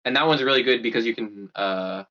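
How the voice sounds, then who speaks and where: A young man co-hosting a podcast tells a story in a casual chat, animated and acting out the quotes. His voice sits at medium pitch and moves a little fast. The recording sounds dull and lo-fi.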